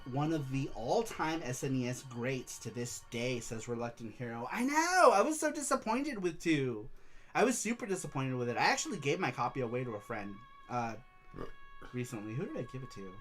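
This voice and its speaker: A man's voice: mid-range voice, fairly bright tone. Male host, casual stream chat, loose rambling delivery, faint music underneath. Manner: chatty, rambling, reads viewer messages aloud.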